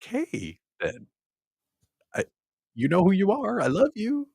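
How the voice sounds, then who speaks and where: A man's voice: high-pitched, wildly swooping pitch, unhurried, vocal fry, a little mellow, husky, no echo. A man hosting a small business show, telling stories in a casual, self-mocking way and acting out his own past thoughts. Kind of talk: casual livestream monologue.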